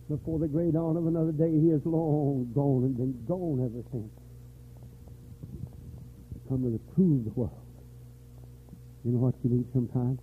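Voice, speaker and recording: Older preacher, husky and shouting. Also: male voice, expressive, moderate pace. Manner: swings from low weary talk to shouted, high-pitched preaching. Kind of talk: revival sermon. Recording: tinny lo-fi church recording.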